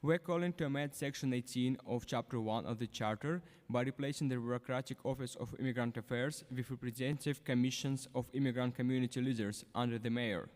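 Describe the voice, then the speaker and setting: Man, halting prepared testimony, long hall reverb. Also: mid-range voice, fairly even intonation, a little mellow. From former Soviet country. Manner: halting, frequent uh fillers, non-native grammar. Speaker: public testimony speaker, civic activist. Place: large city hall hearing room.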